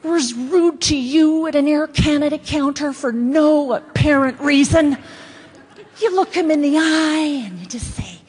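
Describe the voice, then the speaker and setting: A woman's voice: high-pitched, a little slow. A woman comedian and motivational speaker giving a stand-up keynote, telling stories with sarcastic, exclamatory asides. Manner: sarcastic, animated, exclamatory storytelling.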